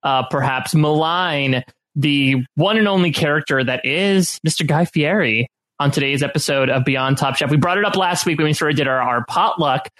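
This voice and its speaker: Casting note: male podcast host, playful intro patter, slightly high voice. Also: moderate pace, fairly bright tone, poor audio. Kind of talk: casual podcast hosting.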